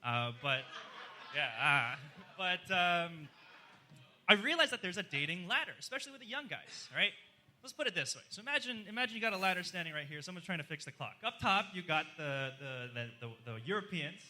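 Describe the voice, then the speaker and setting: A male stand-up comic working a live club crowd, chatty and self-mocking as he talks with the room. His voice sits high and rings with a sharp, very bright edge. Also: very animated, brisk, slight background noise. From outside the US. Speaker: stand-up comedian. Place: live comedy night in a social club.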